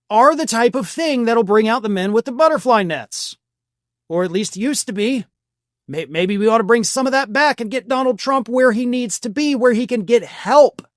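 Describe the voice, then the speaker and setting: Scornful high-voiced male commentator. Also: lively intonation, fairly quick, dry recording, studio quality. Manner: scornful, heated and mocking. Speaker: political commentary host. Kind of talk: opinionated news commentary.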